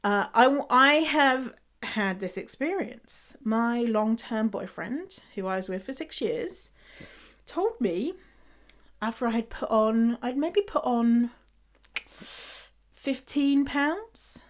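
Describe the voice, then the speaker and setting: A woman's voice: fairly high pitch, lively intonation, takes it slowly. British woman, young, casual podcast host, chatty, laughs a lot, swears freely. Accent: British English. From England. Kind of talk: casual solo podcast talk.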